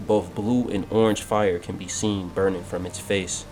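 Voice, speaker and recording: Guy with a lowish voice narrating a fan game story, steady and descriptive, loud music behind. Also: moderate pace.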